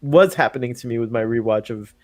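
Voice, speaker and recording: A man's voice: medium pitch, brisk, darkish tone, no echo. A man co-hosting a casual live stream, chatty and upbeat, laughing often. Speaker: podcast co-host.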